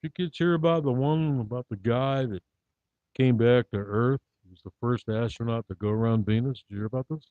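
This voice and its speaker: A man doing live-streamed stand-up comedy, delivering wry, rambling one-liners in a deadpan manner. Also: mid-range voice, fairly quick, dry recording. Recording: dull dry lo-fi recording.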